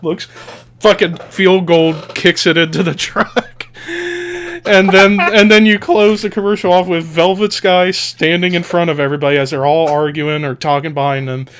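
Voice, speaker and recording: A man's voice: fairly high pitch, normal speed, a little hiss or hum. A man co-hosting a casual podcast, retelling a commercial with lots of energy and acting out the people in it. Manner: animated storyteller, acts out quoted lines in loud voices. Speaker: podcast co-host.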